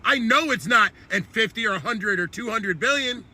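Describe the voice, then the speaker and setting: A man's voice: high-pitched, animated, normal speed, sharp tone. A man hosting an online commentary channel, delivering a heated, profane political rant.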